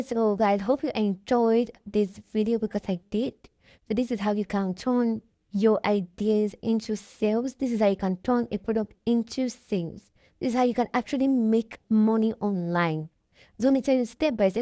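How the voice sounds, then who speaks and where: A woman's voice: fairly high pitch, dark tone, no room sound, clean studio sound. A woman giving a casual screen-share tutorial, reading the on-screen text aloud and explaining each step in a chatty way. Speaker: tutorial creator.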